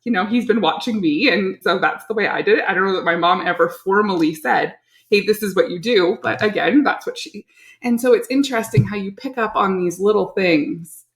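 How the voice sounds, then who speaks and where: Gravelly-voiced woman in an echoey room. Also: medium pitch, fairly quick. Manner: chatty anecdotal storytelling. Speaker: podcast host. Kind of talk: casual chat. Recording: roomy echo.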